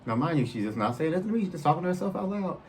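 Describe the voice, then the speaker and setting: This podcast host shares a story from his own life in a lively way, talking right to the audience and performing the quoted lines. He speaks rapid-fire in a slightly high voice, over faint background noise.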